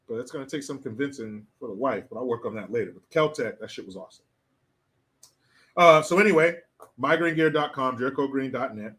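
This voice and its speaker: A man's voice: medium pitch, expressive, brisk, fairly bright tone. A man hosting a political commentary show, ranting in a profane, sarcastic way. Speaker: host.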